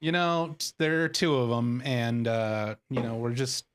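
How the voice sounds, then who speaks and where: A man's voice: mid-range voice, a little slow, clean tone. A man co-hosting a podcast in casual chat, dry and wry with mock-serious asides. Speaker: podcast co-host.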